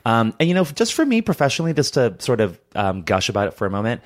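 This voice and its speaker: A man's voice: medium pitch, sing-song, fast talker. A man co-hosting a podcast, chatting casually and gushing with enthusiasm, with lots of fillers. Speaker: podcast co-host. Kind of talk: casual chat.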